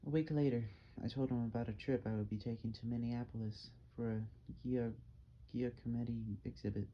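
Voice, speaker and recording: A man reading an audiobook novel in a calm, measured narration. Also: medium pitch. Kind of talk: scripted narration. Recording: dull, slightly muffled with faint hiss.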